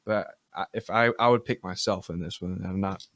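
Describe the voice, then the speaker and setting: A man's voice: sits low, steady tone, fairly quick, fairly bright tone, dry recording. A man co-hosting a casual fantasy football podcast, teasing the others and hedging his claims. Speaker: podcast co-host.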